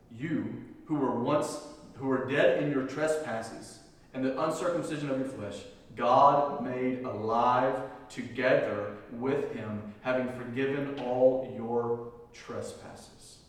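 Male pastor, emphatic sermon delivery, repeats key lines, recorded from a distance in a big reverberant hall. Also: medium pitch. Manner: emphatic preaching, repeating key phrases, swinging between loud and hushed. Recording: echoey hall from far off.

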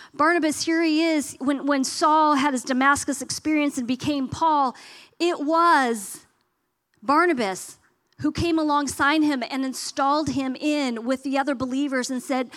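A woman's voice: high voice, normal speed, fairly bright tone. A woman giving an earnest teaching sermon about everyday mission. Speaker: speaker.

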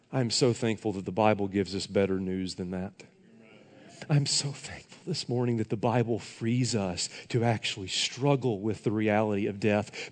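A man's voice: on the low side, normal speed, darkish tone. A male pastor preaching a sermon earnestly and emphatically, addressing the congregation directly. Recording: long hall reverb.

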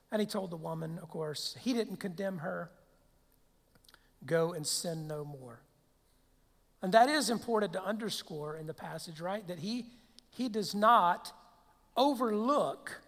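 A man's voice: high voice, a bit bright. A man preaching a sermon as pastor, conversational, with rhetorical questions and frequent restarts. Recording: long hall reverb.

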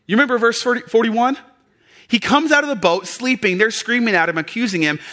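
A pastor preaching a sermon, dropping to a hush and then building to loud, passionate appeals. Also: male voice, very high-pitched, brisk.

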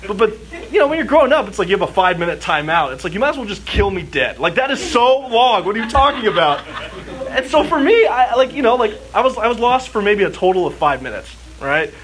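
A fast-talking Southern Californian youth speaker, very animated, with a high and fairly bright voice, preaches before a live church crowd. He tells a personal tale casually, leaning on "like" and performing scenes as his child self, while audience noise echoes in the hall.

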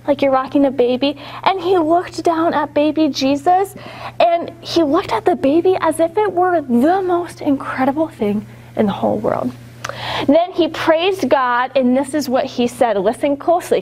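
A woman with a high, bright voice tells a Bible story to young children. She keeps it animated and upbeat and keeps asking them to act along. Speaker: children's church teacher.

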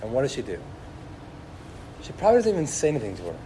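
Young male pastor, casual animated sermon, middle pitch, faint room noise. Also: fast talker. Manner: animated storytelling, laughing, lots of "like". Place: room with an audience.

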